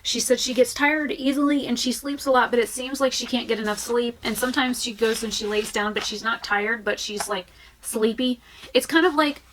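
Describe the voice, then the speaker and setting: Chatty woman vlogging, a bit high. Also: fairly quick, a bit bright, a little hiss or hum, low-quality recording. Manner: chatty, frank, with fillers and restarts. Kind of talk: candid casual talk to camera.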